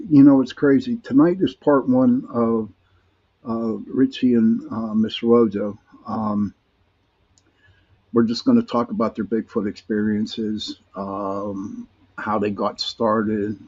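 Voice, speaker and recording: A man hosts a live podcast in a mellow, mid-range voice, friendly and rambling, with plenty of fillers and restarts. The streamed audio is dull and lo-fi.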